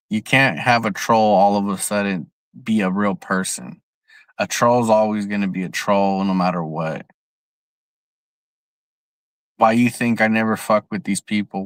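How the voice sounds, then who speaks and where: A young man from San Jose, California, rants on a casual livestream in a lowish voice. He is blunt and profane and keeps repeating his points. The sound is dry and close, with almost no room echo. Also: a bit bright. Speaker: livestream host. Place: outdoors.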